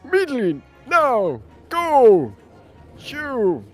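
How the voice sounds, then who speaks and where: A pompous old judge, voiced by a player reading game dialogue, barking orders with lively, swinging pitch. He sounds self-important and impatient. Soft music runs underneath. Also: slow, exaggerated voice. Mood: blustering. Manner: blustering, bossy commands. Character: pompous elderly male judge.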